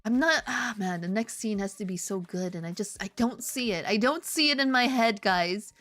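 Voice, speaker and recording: A woman's voice: mid-range voice, moderate pace, a bit bright, faint music behind. Playful rambling woman streamer. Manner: playful, rambling, with theatrical outbursts. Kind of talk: casual live-stream chat while drawing.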